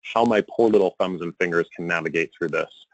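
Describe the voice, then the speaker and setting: A man giving a conference presentation, animated and exasperated, with a joking edge. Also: sits low, brisk, no room sound, muffled recording. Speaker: conference speaker on email marketing.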